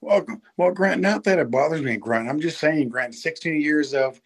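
A man's voice: fairly high pitch, moderate pace, husky. A man calling in to a sports radio show, eager and earnest, who keeps addressing the host by name. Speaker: caller. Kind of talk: call-in sports talk.

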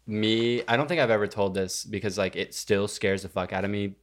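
A man's voice: lowish voice, steady tone, a little fast. A young man co-hosting a podcast, telling a story in hesitant, filler-laden casual chat. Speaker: podcast co-host.

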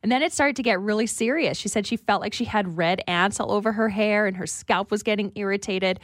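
A woman co-hosting a casual podcast, telling a story in a chatty, animated way. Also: mid-range voice, brisk, no echo, clean studio sound. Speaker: podcast co-host.

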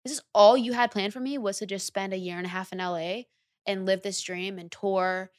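Brief young woman, singer guest, slangy animated storyteller, dry close mic. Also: mid-range voice, fairly quick, no echo. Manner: animated, slangy, acts out her own past reactions. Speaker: recording artist guest. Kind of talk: casual interview storytelling.

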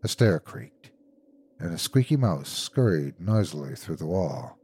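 A man hosting a horror podcast, narrating a classic ghost story in a measured, suspenseful way. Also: low voice, very animated, a little mellow, husky.

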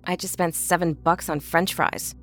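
A woman's voice: fairly low pitch, steady tone, normal speed, fairly bright tone, soft background music, lightly acted. A woman playing a brash, skeptical young woman. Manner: blunt, impatient, mocking. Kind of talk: audio drama acting.

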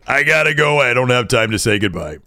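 A man doing an impression of a cocky, gruff middle-aged wrestling executive who boasts and tosses crude put-downs. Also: medium pitch, big pitch swings, brisk, pushed and bright, no room sound, clean studio sound, pitched above the performer's own voice. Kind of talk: comedy impression sketch.

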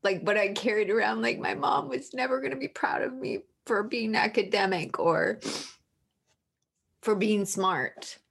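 A woman's voice: medium pitch, a little slow, gravelly, fairly bright tone, breathy edge. A woman author, a guest on a podcast, talking openly and candidly about her feelings. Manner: open and emotionally candid. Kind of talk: candid interview talk.

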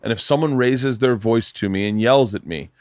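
A man hosting a podcast in a casual chat from his home studio, telling loud, profane stories and acting out the people in them. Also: medium pitch, normal speed, no echo. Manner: loud, profane storytelling with acted-out quotes. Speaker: podcast host.

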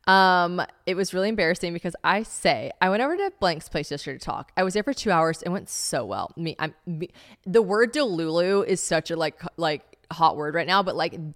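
Young woman podcast host, slightly low voice, chatty and rambling, peppers everything with "like". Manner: chatty, rambling, heavy use of "like", self-mocking asides. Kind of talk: casual solo podcast, reading old diary aloud.

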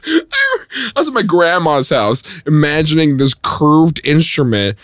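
A man's voice: on the high side, huge pitch swings, measured pace, a bit bright, dry recording, clean studio sound. A young man hosting a podcast in casual chat, often laughing as he tells his stories. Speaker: podcast host.

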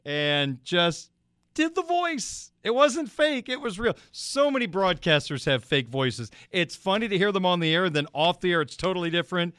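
A man hosting a sports radio show, telling a personal anecdote in a casual, animated way. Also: clear, resonant tone, no echo, studio quality. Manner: animated, quotes voices with big pitch jumps.

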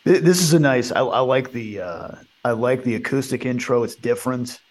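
A man's voice: medium pitch, normal speed. A man co-hosting a casual album review chat, wry and dry in his humor. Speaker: podcast co-host reviewing an album.

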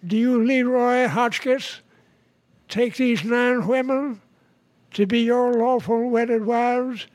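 A man in his nineties voicing a small-town male preacher, slow and deliberate as if officiating a wedding. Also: extremely high pitch, steady tone, darkish tone, slight background noise. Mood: solemn. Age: 90s.

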